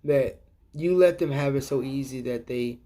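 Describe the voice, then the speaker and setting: A man's voice: medium pitch, normal speed, mellow. A middle-aged man hosting a casual livestream, talking in a rambling, profane way and chuckling at his own jokes. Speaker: livestream host.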